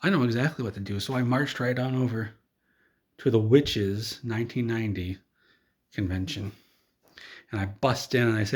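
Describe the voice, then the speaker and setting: Rambling deadpan male storyteller. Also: on the low side, brisk. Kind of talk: absurd comedic story.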